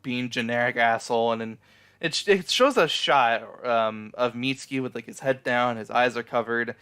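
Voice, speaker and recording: A young man casually recapping an anime episode, rambling along with plenty of "uh" and "like" and the odd curse. His voice is smooth and clean, sitting at an ordinary pitch for a man. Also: moderate pace, a bit bright. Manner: rambling, frequent fillers and profanity. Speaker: anime reviewer.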